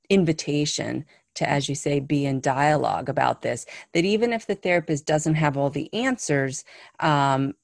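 Low, gravelly-voiced woman interviewer. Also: a little mellow, no room sound, clean studio sound. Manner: thoughtful, searching, reflective. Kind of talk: conversational podcast interview.

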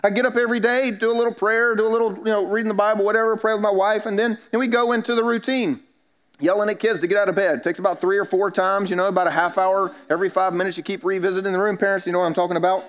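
A man's voice: high-pitched, flat delivery, rapid-fire. A man, a pastor preaching a sermon in a church and telling stories with self-mocking humor. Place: church sanctuary.

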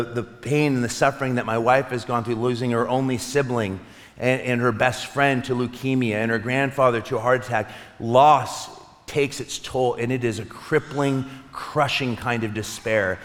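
Earnest pastor in a reverberant hall. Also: male voice, mid-range voice, fairly even intonation. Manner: earnest, with soft slowed pauses. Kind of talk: Easter sermon. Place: church sanctuary. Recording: long reverb of a large hall.

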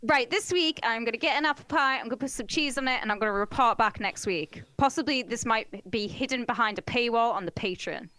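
A woman's voice: fairly high pitch, a little fast, few pauses, pushed and bright. A woman co-hosting a podcast in casual comedic chat, blunt and crude, laughing often. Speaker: podcast co-host.

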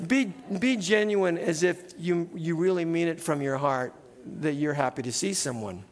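Middle-aged guy pastor, fairly high voice, chatty sermon, keeps saying right. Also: normal speed, in a large hall. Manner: conversational, keeps adding "right?". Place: church sanctuary.

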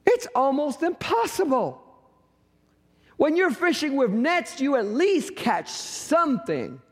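A middle-aged man preaches in a strikingly high voice, telling a story with humorous asides. He slips into quick voices for the people in his story. His words ring out with a long reverb, as in a church sanctuary. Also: very animated. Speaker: pastor. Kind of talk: sermon.

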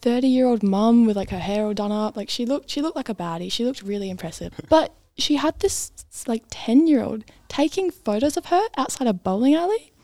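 A woman's voice: on the high side, animated, brisk, few pauses, mellow, dry recording. Chatty young woman telling a story. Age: young adult. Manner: chatty, lots of "like", acts out quoted voices. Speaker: bowling alley party host telling a story. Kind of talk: casual storytelling chat.

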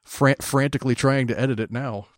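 A man's voice: medium pitch, fairly even intonation, fairly quick, no room sound. A young adult man co-hosting a podcast in casual chat, with dry, teasing humor. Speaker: podcast co-host.

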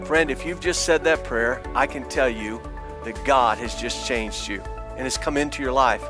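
A man pastoring a church gives an impassioned evangelistic message, his volume veering between shouts and quiet near-whispers. He has a medium pitch and normal pace, with music playing behind him.

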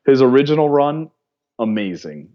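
A man as a podcast guest, talking casually in a relaxed way and laughing often. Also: mid-range voice, moderate pace. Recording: dull lo-fi mic.

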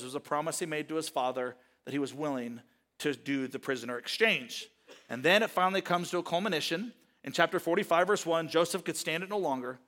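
Male pastor, higher register, conversational storytelling sermon, slips into quick character voices. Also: animated, pushed and bright. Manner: retells scripture casually, voicing characters in quick asides.

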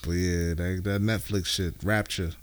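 Laid-back slangy man, lowish voice. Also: steady tone, measured pace, smooth. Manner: laid-back slangy banter, laughs often. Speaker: podcast co-host. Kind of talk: casual chat.

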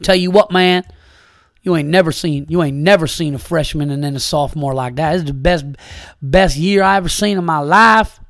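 A man's voice: fairly high pitch, normal speed, a bit bright, dry recording, clean studio sound. A man voicing a rowdy, boastful Texan football fan in a put-on Texan accent, hollering crude brags with a drawl. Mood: rowdy bragging.

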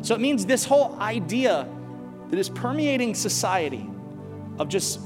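Animated male preacher, high voice, joking storyteller, echoey church hall, faint music. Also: moderate pace. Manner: animated, joking, asks the crowd questions. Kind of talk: sermon with humorous stories.

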